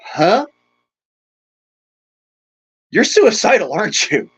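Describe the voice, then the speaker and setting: A man's voice: high-pitched, sing-song, slow pace, a bit bright, slightly rough, low-quality recording. A man hosting a livestream, ranting casually to his chat in a crude, rambling way and chuckling often. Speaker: livestream host.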